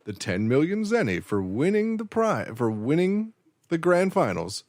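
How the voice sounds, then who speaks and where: A man voicing a cold, menacing female android who delivers threats flat and low. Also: a little slow, dry recording, clean studio sound, heavily acted. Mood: deadpan menace.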